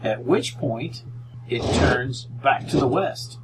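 A man running a tabletop game as game master, describing corridors step by step in a measured way. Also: mid-range voice. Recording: noisy home room recording.

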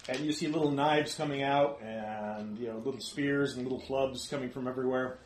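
A man's voice: mid-range voice, steady tone, a little fast, reverberant, slight background noise, rough recording. A man narrating as game master, loose and rambling, laughing often.

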